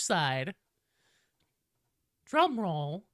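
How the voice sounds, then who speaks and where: A woman streaming live while sick with a cold, chatting casually and shouting loud, profane greetings to her viewers. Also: mid-range voice, sing-song, takes it slowly, long pauses, clear, resonant tone, dry recording, clean studio sound.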